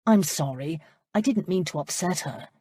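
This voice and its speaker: A woman voicing a kind, modest young country parson who speaks with gentle restraint. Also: deep voice, expressive, normal speed, husky, dry recording, clean studio sound. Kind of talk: audiobook character voice.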